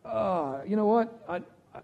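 A man's voice: high voice, lively intonation, a little slow, gravelly, narrow, tinny audio, full character voice. A man voicing a bitter married churchman who mumbles and justifies himself, in a sermon. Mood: grumbling.

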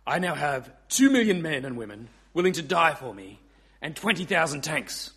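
A man voicing a stern, boastful male dictator with a flat, menacing delivery. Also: fairly high pitch, normal speed, husky, full character voice.

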